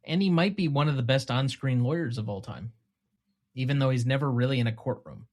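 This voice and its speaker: A man's voice: mid-range voice, lively intonation, brisk, a little mellow. Man hosting a podcast. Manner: steers the show between segments. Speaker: podcast host. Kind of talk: casual podcast chat.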